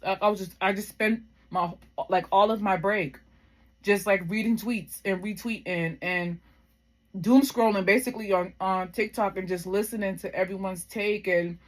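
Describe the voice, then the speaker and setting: Speaking to camera, a vlogger in her thirties shares a personal story in a mid-range voice. She's heartfelt and reflective, rambling loosely from thought to thought with lots of "like" and "um".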